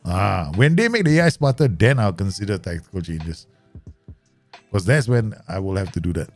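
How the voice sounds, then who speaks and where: Husky-voiced man streaming a football game. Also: low-pitched, big pitch swings, moderate pace, a little mellow, faint music behind. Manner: rambling, swears, laughs often. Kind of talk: casual live gameplay commentary.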